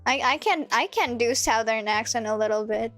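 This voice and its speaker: A woman with a high, bright voice chats playfully with her viewers while playing a game. She giggles and trips over her words as she talks. Faint music plays behind her. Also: moderate pace. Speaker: streamer. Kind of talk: casual game-stream chat.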